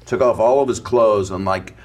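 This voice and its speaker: A man's voice: on the low side, moderate pace. A man casually telling a rambling comic anecdote as a talk show guest. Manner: rambling, laughing storyteller. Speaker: comedian guest.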